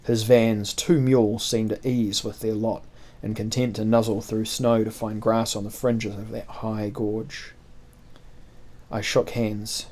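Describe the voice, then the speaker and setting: A man narrating a historical adventure novel in the first person, with measured, expressive storytelling. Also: lowish voice.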